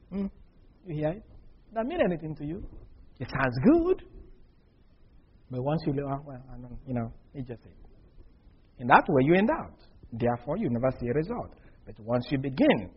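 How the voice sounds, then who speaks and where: A man preaching a sermon in an animated way, acting out dialogue and dropping from loud bursts to very soft asides. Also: medium pitch, breathy edge, muffled recording. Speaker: pastor.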